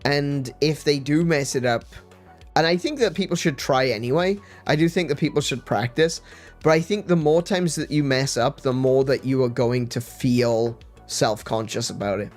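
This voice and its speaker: Animated man chatting on stream. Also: mid-range voice. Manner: animated, laughs often, rambling restarts. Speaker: streamer host. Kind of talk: casual chat on a livestream.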